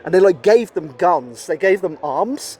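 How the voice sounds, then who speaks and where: A male podcast guest rambles through a casual conversation, leaning heavily on fillers like "you know" and "like" and swearing bluntly. His voice is high with a darkish tone and lively intonation, and he speaks unhurriedly.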